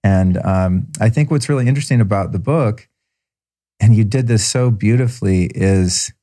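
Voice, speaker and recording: A man's voice: lowish voice, moderate pace, warm tone. A man hosting a podcast, reading an intro and then interviewing his guest with effusive enthusiasm. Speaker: podcast host.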